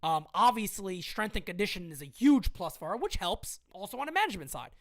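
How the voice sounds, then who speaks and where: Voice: mid-range voice, very animated, fast talker. A woman hosting a live-stream sports commentary show, emphatic and argumentative as she answers comments from her chat. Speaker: host.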